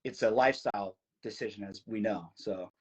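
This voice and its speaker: A young man from New Jersey, a podcast guest, telling a story in casual chat, fast and eager, full of "like" fillers. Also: lowish voice, slightly rough, low-quality recording. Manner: excited, fast, many "like" fillers.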